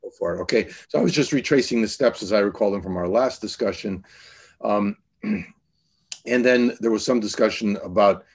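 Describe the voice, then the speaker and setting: A man with a low voice leads an online committee meeting. He talks in loose, halting sentences full of fillers and restarts. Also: husky. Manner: hesitant, many fillers and restarts. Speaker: task force chair.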